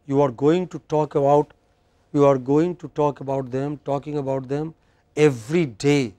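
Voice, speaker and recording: A man's warm, steady voice, on the high side, guides a university classroom through English pronunciation. Speaking with an Indian English accent, he corrects students and slowly repeats words for them to echo.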